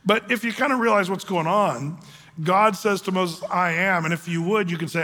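A pastor teaching a sermon in a loose, joking, conversational way, full of fillers and asides. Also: male voice, high voice, moderate pace, pushed and bright. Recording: echoey hall.

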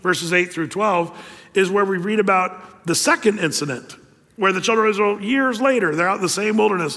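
A male pastor preaching a sermon, telling the story with lively energy and rhetorical questions. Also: high-pitched, brisk, long reverb tail.

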